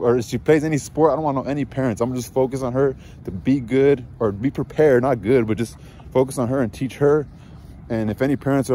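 A man's voice: medium pitch, dark tone, slight background noise. A young man telling a casual story as a father, rambling with many fillers and sounding frustrated. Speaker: father vlogger.

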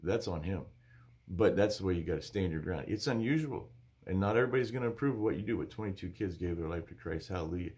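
Emphatic, low-voiced male pastor. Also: quick pace. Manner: emphatic, animated preaching. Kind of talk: sermon-style Bible teaching.

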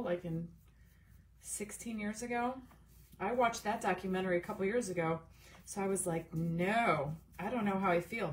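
A middle-aged woman hosting a casual crafting livestream. She chats along, greets viewers by name and drifts into rambling asides. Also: medium pitch. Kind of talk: casual live crafting chat. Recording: slightly distant mic with faint room noise.

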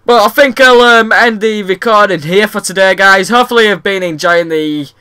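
Excitable young gamer guy, bright. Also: sits high, moderate pace, smooth. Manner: excitable, rambling, shouts at the game. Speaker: gaming video host. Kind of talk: casual game commentary.

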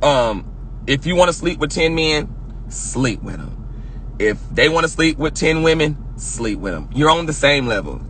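A man hosting a casual livestream rant, loud and projecting, sassy and profane, laughing often. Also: fairly high pitch, sing-song, normal speed, a little hiss or hum. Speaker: livestream host.

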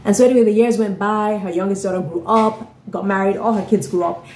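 A woman's voice: mid-range voice, fairly even intonation, fast, darkish tone, slight background noise. Chatty woman in an echoey room. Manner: chatty, tags sentences with "right?" and "you know". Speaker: author and vlogger. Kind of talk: casual storytelling.

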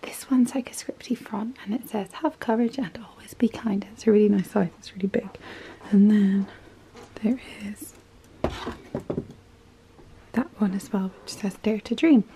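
A young woman from the UK whispering quietly in a child's bedroom so as not to wake a sleeping child, in a whispered role-play style. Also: medium pitch, normal speed, long pauses, a little hiss or hum.

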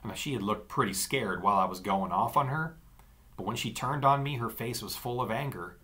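A man narrating an audiobook in an expressive storytelling manner. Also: medium pitch, fairly quick.

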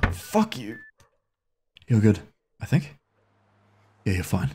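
A nervous gaming host swears his way through a horror game, coaxing and scolding the characters, his voice leaping when startled. His fairly low, darkish voice swings hugely in pitch, slow and full of long pauses. Faint music plays behind him.

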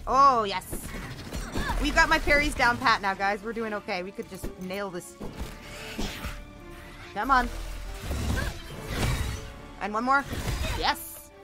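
A fairly high-voiced woman chatters through a co-op game session, playful and excitable, bursting into shouts and sing-song bits. Game music plays clearly behind her. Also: slow pace, long pauses. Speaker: gaming channel host. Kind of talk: co-op gameplay chatter.

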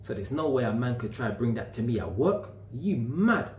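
A man's voice: medium pitch, expressive, fast talker, noisy background. A man with a London accent ranting to camera in street slang, blunt and heated. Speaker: vlogger. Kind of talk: casual rant to camera. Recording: echoey room.

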